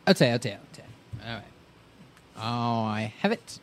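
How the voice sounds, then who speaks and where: A man's voice: mid-range voice, expressive, moderate pace, a little hiss or hum. A man co-hosting a comedy podcast, making casual joking remarks. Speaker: podcast co-host.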